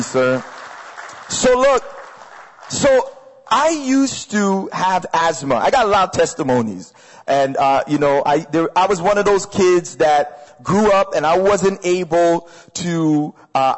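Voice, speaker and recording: High-voiced man preaching in a hall. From Canada. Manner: energetic, conversational, repeats phrases for emphasis. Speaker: pastor. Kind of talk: sermon. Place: large hall with audience. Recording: echoey hall.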